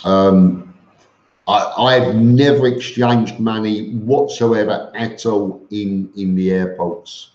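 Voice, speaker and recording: A man hosts a casual live stream, reading viewer comments aloud and answering them in a blunt, matter-of-fact way, with plenty of fillers and restarts. He speaks slowly. The audio is roomy and a bit dull and lo-fi. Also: lowish voice, steady tone, a little mellow. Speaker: vlogger answering live chat.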